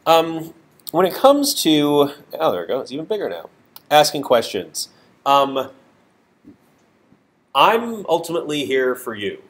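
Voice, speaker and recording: In a classroom with hard walls, a nasal-voiced man gives an informal university programming lecture in a somewhat high, sing-song voice, a little slowly and with frequent pauses. He often restarts, uses many fillers, and puts himself down in asides.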